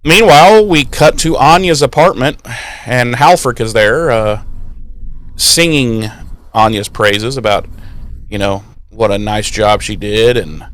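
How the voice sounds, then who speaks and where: A man's voice: mid-range voice, fairly bright tone. A man hosting a podcast, casually recapping an episode with profane, sarcastic asides. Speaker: podcast host.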